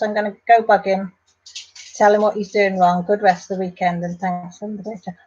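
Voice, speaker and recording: A woman's voice: mid-range voice, a little fast, a little mellow, lo-fi sound. An English woman hosting a casual live stream, chatting and reading out viewer comments in a rambling, affectionate way.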